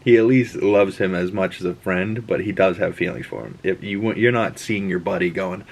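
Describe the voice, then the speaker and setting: Husky low-voiced man, chatty. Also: lively intonation, moderate pace. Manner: rambling, chatty, frequent restarts and asides. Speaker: host. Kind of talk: casual reaction and episode breakdown.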